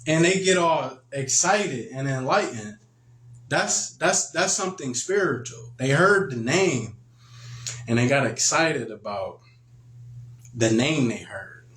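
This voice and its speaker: A man's voice: animated, takes it slowly, a bit bright. Man preaching casually in an echoey room. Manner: acts out quoted voices in a higher pitch, conversational. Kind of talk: casual spoken teaching.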